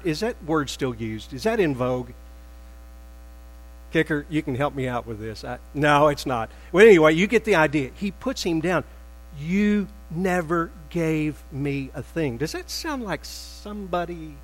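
A man preaching a sermon as pastor, emphatic and animated, acting out quoted lines with rising bursts. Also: a little high, moderate pace, long reverb tail, low-quality recording.

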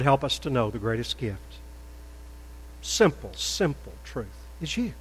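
An older man preaching a sermon in a church, stressing words loudly, then dropping to a soft prayerful tone. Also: medium pitch, long reverb tail, poor audio. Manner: emphatic, swings between loud stresses and soft prayer. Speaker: pastor. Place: church sanctuary.

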